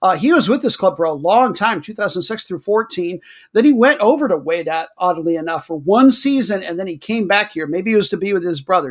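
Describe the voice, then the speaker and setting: Guy with a fairly high voice rambling about soccer stats, dry jokey asides. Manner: wry, chatty asides. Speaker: podcast host. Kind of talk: casual football commentary.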